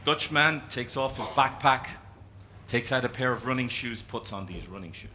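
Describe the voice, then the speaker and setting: Irish male keynote speaker, animated delivery with wide swings, bright ringing voice, faint room noise. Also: medium pitch, normal speed. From Ireland. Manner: animated storyteller, drawing as he speaks. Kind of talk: live talk to an audience. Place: conference room with an audience.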